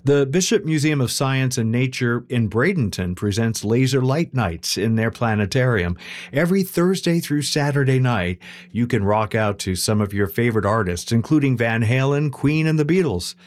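A man announcing on a classical music radio station, relaxed and friendly with a slightly playful touch. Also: mid-range voice, normal speed.

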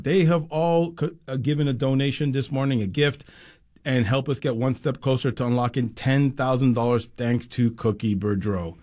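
A man's voice: medium pitch, a little mellow. A man hosting a public radio pledge drive, upbeat and persuasive. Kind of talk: pledge drive on-air appeal.

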